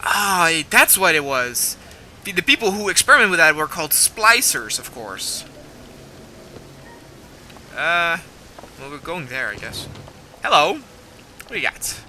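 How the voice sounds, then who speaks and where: A young man rambling excitedly and swearing casually while commenting on a game as he plays. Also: fairly high pitch, unhurried, pauses often, a little hiss or hum, rough recording. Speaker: gaming video host. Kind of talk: let's play commentary.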